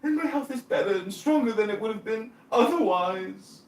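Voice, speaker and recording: A man voicing a shrill, indignant man who pompously defends his vaccine, in a put-on English accent. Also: expressive, moderate pace. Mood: indignant whine. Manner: whiny, pompous, outraged. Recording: echoey room, distant mic, faint noise.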